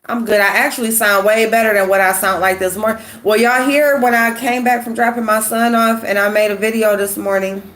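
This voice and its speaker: A woman with a sick, hoarse voice chatting casually with viewers while doing her makeup, greeting them by name and gossiping. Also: fairly high pitch, fairly even intonation, fairly quick, few pauses, a bit bright. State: sick, hoarse voice with a runny nose. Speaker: YouTube commentary host.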